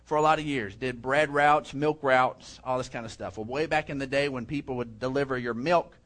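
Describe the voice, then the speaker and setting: A man's voice: medium pitch, brisk, a bit bright. A middle-aged man, preaching a conversational sermon and telling stories. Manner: conversational preaching with storytelling asides. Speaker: pastor.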